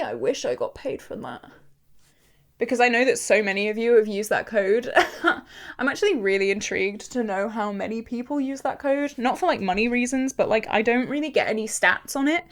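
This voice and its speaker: Chatty woman vlogger, higher voice. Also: animated, a little fast. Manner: chatty, frank, lots of "like" fillers. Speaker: beauty vlogger. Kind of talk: casual makeup chat to camera. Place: home room while doing makeup.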